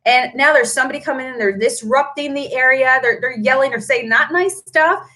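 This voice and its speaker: Chatty woman, a little high. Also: fairly quick, few pauses, pushed and bright. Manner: chatty and emphatic, tags points with "right?". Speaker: paint shop owner hosting a live stream. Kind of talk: casual live-stream chat answering viewer comments.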